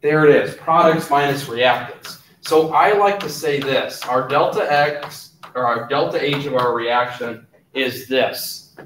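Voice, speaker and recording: A man teaching a chemistry class in a relaxed lecture style, often stopping to ask if there are questions. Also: medium pitch, a little slow, recorded from a distance, slight background noise. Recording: roomy classroom, voice from off-mic.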